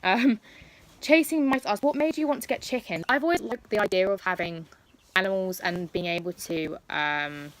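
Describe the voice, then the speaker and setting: A woman's voice: mid-range voice, moderate pace, a little hiss or hum. An eighteen-year-old woman, answering viewer questions in a chatty, rambling pet vlog with many fillers. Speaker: pet YouTuber. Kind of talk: casual Q&A vlog.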